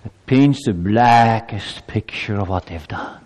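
A man preaching a sermon to his congregation. He builds to emphatic peaks, then drops low and slow. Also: darkish tone, in a large hall. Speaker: pastor.

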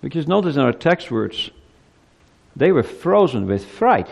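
A man in his fifties delivers a Christmas sermon in a church with a lively, swinging pitch. He drops to hushed asides and then climbs to loud, ringing peaks. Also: a little slow, creaky, in a large hall, highs cut off. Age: 50s. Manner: animated preaching, rising loud on climaxes, dropping to soft asides. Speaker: pastor.

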